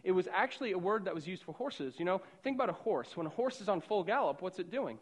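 This middle-aged preacher from the Boston suburbs tells a story in a loose, conversational sermon, dropping to a hush and then rising loud. His voice is high and a little rough, with lively intonation and a quick pace.

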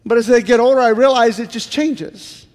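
A man's voice: extremely high pitch, normal speed, darkish tone, long reverb tail. A middle-aged male pastor giving an earnest sermon, full of repeated pleading questions. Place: church sanctuary.

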